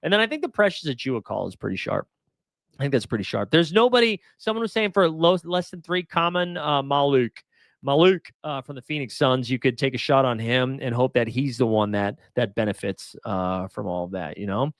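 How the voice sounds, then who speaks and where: A man hosting a casual livestream, chatting and reading viewer comments, animated, swinging from mock outrage to mumbled asides. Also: medium pitch, brisk, dry recording, clean studio sound. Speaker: livestream host.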